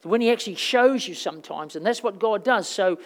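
Rambling, animated woman preacher. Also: mid-range voice, fairly quick. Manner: conversational, rambling storytelling with fillers; animated, swings between loud and soft. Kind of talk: sermon.

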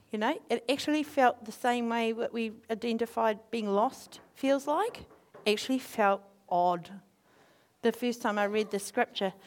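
Lively high-voiced woman preaching. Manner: animated, acts out quotes in voices, laughs. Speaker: speaker. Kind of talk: informal sermon with storytelling.

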